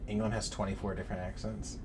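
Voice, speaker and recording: A man's voice: lowish voice, little pitch movement, quick pace, over music. A man from the United States casually commenting on a game he plays, joking and swearing. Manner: joking, swearing, talks to chat. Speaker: game streamer.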